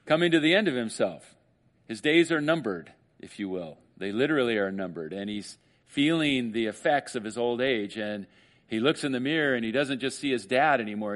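A man preaches a sermon in a loose, conversational way, reading verses slowly and then riffing on them. He throws joking asides to the congregation and acts out inner voices in higher tones. His voice sits at a middling pitch. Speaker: pastor.

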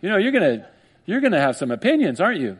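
Male pastor, higher-pitched, lively sermon delivery with mock voices. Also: quick pace, slightly rough. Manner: animated, acts out skeptics in mock voices, laughs often.

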